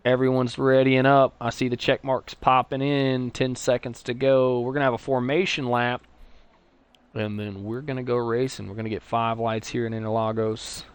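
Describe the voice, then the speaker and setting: A man with a Texan accent calling a sim racing league live, chatty between races and excitable play-by-play once the lights go out. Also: mid-range voice, clear, resonant tone. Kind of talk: live esports race commentary.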